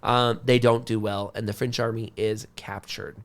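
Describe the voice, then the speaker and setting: A man's voice: on the low side, moderate pace. A man co-hosting a podcast, retelling history in a casual, conversational way. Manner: conversational, acts out quotes in a lively way. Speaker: podcast co-host. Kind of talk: casual storytelling about history.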